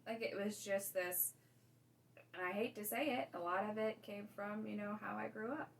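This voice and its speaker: A woman's voice: mid-range voice, steady tone, normal speed, creaky, recorded from a distance, slight background noise, rough recording. A woman co-hosting a podcast, talking casually and rambling with lots of fillers. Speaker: podcast co-host. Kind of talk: casual chat.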